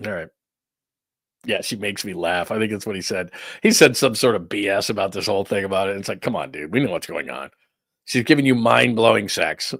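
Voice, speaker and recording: Rambling incredulous middle-aged man, bright tone. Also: on the low side, no room sound, studio quality. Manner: rambling, incredulous, stammering restarts. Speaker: sports talk host. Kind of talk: casual sports talk rant.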